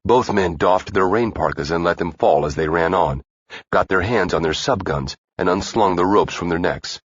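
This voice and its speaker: A man narrating a thriller audiobook in a steady, even-paced reading. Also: low-pitched, normal speed, slightly rough, no echo. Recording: dull dry lo-fi recording.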